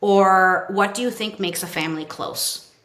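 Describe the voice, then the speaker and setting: A woman's voice: mid-range voice, normal speed, fairly bright tone. Chatty woman with a New York accent, roomy sound. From Brooklyn. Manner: chatty, many fillers, acts out kids' quotes. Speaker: child psychotherapist guest. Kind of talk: casual podcast interview. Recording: roomy echo.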